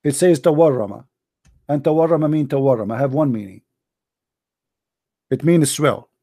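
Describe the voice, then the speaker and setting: A man hosting a heated call-in debate, mocking and combative, his voice going hoarse. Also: fairly high pitch, moderate pace, warm tone. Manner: mocking, combative, repeats himself. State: losing his voice. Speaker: debate show host.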